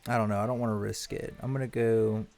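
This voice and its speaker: Gravelly-voiced man streaming a game. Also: lowish voice, little pitch movement, quick pace, darkish tone, faint music behind. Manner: rambling, self-correcting, swears casually. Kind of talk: casual gameplay commentary.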